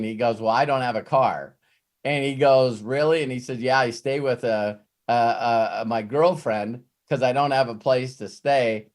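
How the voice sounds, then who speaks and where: This man, speaking at a medium pitch, is hosting a Q&A on a video call. He tells a story full of "uh" fillers before shifting to a sincere, motivational pep talk.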